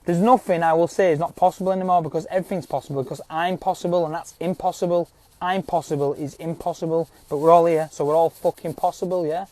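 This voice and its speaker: A man's voice: a little high, warm tone, no echo. A man with speech ranting to viewers in a rambling, insistent way, swearing often and adding "yeah?" to his points. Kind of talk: casual rant to viewers.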